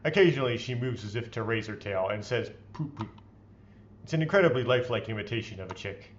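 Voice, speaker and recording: A man's voice: fairly low pitch, fast, slight background noise. Man reading game text, dull lo-fi. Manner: expressive, playfully theatrical reading. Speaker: let's play host. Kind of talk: reading visual novel text aloud with commentary.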